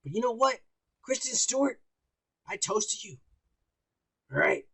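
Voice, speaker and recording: Podcast co-host, male, higher voice, swears a lot, rambles through news items in loose banter. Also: sing-song, measured pace, vocal fry, bright, forceful tone, husky, dry recording. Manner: profane, rambling, mocking news reading. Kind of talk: casual crude banter.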